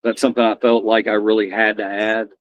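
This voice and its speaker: A man's voice: on the low side, level tone, fairly quick, no echo, muffled recording. A man chatting casually on a live stream, rambling and often repeating and restarting his phrases.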